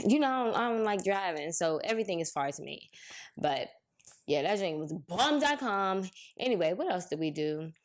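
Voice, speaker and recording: A young woman co-hosting a casual podcast, telling slangy, animated stories about her day. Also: fairly low pitch, normal speed. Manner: chatty storytelling, slangy, animated quoting. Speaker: podcast co-host. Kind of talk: casual chat.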